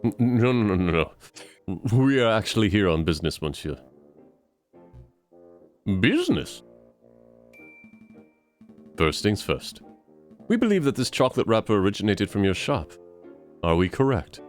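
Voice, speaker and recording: A man voicing a polite, measured male bird defense attorney. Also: lowish voice, big pitch swings, soft background music.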